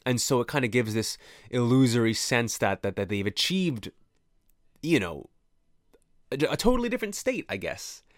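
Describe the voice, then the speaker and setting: A man's voice: medium pitch, very animated, normal speed, long pauses, dry recording, studio quality. A man talking to camera in a rambling, profane, reflective monologue that keeps interrupting itself. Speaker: vlogger. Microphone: camera mic, close.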